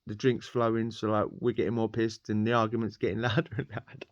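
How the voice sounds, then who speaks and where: Bloke, rambling anecdote with frequent laughs, dry, muffled lo-fi sound. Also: male voice, fairly low pitch, level tone, quick pace, no echo. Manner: rambling, laughs often, slangy. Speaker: podcast guest telling a prison story. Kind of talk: casual storytelling.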